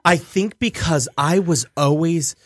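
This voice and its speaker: A restaurant owner with a slightly high, breathy voice talks a little slowly while chatting on the radio. He's an animated storyteller, putting on voices and laughing often.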